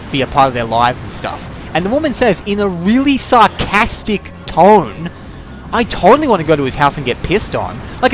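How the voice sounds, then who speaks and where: A fairly high-voiced young man delivers let's-play commentary in a lively, swooping tone. He rambles through opinionated tangents, swearing and restarting his sentences constantly. Game music plays clearly beneath his voice. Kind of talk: gameplay commentary rant.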